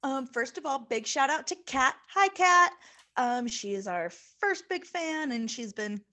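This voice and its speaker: A woman co-hosts a podcast, chatting casually, joking and swearing along the way. Her voice is on the high side, expressive and a bit bright, at a moderate pace.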